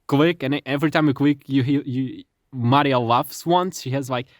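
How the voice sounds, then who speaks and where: A man's voice: medium pitch, normal speed, no room sound, studio quality. A man co-hosting a casual podcast, explaining his view with hesitant restarts and repeated words. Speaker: podcast co-host.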